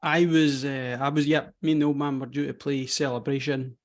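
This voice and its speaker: A man's voice: medium pitch, flat delivery, fairly quick. A man, hosting a casual golf podcast with dry, teasing banter. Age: 40s. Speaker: podcast host. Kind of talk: casual chat.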